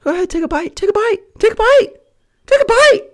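A man putting on a squeaky cartoon-mouse falsetto as a waiter choking back fury, with a forced, sing-song sweetness. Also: animated, brisk, fairly bright tone. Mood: fake sweet. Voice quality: high falsetto.

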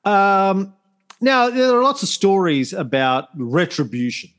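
A man, co-hosting a history podcast, telling it in a casual, halting way with many restarts. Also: on the high side, big pitch swings, a bit bright. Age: 50s. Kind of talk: casual conversational storytelling.

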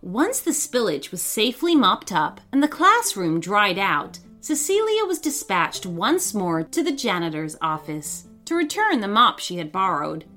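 A woman narrating a children's story in an expressive, dramatic way. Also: medium pitch, a little slow, few pauses. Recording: faint background music.

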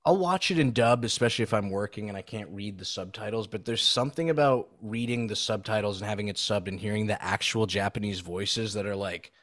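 A man's voice: fairly low pitch, fairly quick, hardly any pauses, a bit bright. A man on a podcast chatting casually in a laid-back, slangy way. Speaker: podcast co-host. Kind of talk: casual chat.

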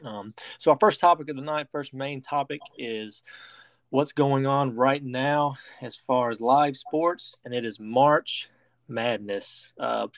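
Man, podcast host, casual sports talk, rambling delivery, middle pitch, dry close recording. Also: a little slow, vocal fry, no room sound. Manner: rambling, many restarts and fillers.

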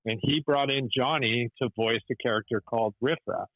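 A man telling stories as an interview guest, rambling with frequent restarts and fillers. His voice sits at a middling pitch and sounds dull and lo-fi. The recording is dry, with no room sound. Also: fairly quick, a bit bright, dry recording. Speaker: animator and musician guest. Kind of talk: storytelling interview.

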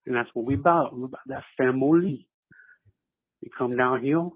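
A man's voice: mid-range voice, slightly rough, no echo. A man voicing an exaggerated South Louisiana sports fan with a hammy folksy drawl, on a phone line. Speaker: voicemail caller.

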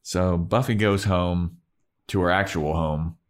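Low-voiced man recapping with profanity. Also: measured pace. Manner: breezy, profane storytelling. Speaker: podcast co-host. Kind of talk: casual recap chat.

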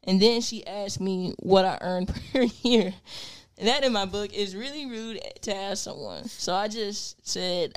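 A woman's voice: mid-range voice, animated, a little slow, smooth, dry recording. A woman co-hosting a casual podcast, reading a listener's story aloud with little laughs and then chatting and teasing her co-hosts.

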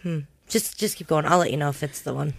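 A woman co-hosting a podcast who is excitable, gushes over things and swears often. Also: sits low, fast, vocal fry, slightly rough, no echo. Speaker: podcast co-host. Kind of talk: casual podcast chat.

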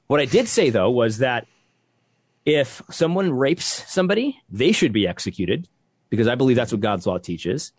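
A young man with a slightly husky voice holds forth in heated, conversational commentary. His pitch jumps around a lot as he presses each point, repeating himself and restarting sentences. The sound is dry and close. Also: sing-song, moderate pace, dry recording. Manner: emphatic, repetitive, restarts when worked up. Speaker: podcast co-host.

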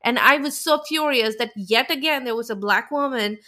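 A woman's voice: on the high side, normal speed, sharp tone. A woman co-hosting a podcast, recapping a reality show in a heated, indignant casual rant. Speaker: podcast co-host.

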